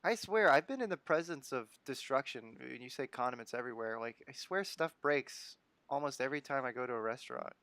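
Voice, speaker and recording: A man's voice: mid-range voice, expressive, fairly quick, few pauses, a bit bright, no room sound. Laid-back American man streaming, dry sound. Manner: laid-back, chuckling, reads chat comments aloud. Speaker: live streamer host. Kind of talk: casual stream chat.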